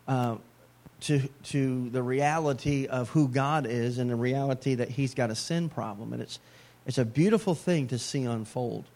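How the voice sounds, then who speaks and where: A man's voice: medium pitch, darkish tone. A middle-aged man preaching a sermon as a pastor, in a conversational way with joking asides.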